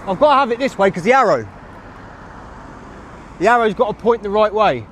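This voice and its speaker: Street traffic hums in the background as this Englishman in his thirties streams live outdoors, chatting to viewers through his phone mic in a rambling way. His pitch sits high and swings widely, his pace is fairly quick, and his tone is a bit bright.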